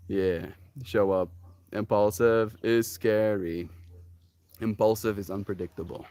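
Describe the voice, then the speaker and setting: A man's voice: fairly low pitch, steady tone, measured pace, mellow, dry recording. A young man on a casual solo live stream, rambling playfully and slipping into baby talk with his pets.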